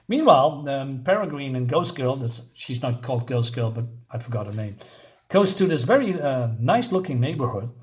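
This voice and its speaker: A man reviewing a comic book in casual talk, often laughing and halting with fillers as he reads the dialogue aloud. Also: medium pitch, sing-song, darkish tone.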